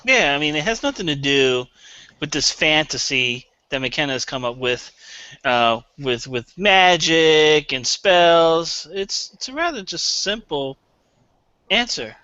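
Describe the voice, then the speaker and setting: A man's voice: fairly high pitch, expressive, unhurried, bright, forceful tone, no echo. A man on a comedy panel game, giving a mock-serious, argumentative improvised answer. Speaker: panel contestant. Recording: muffled lo-fi recording.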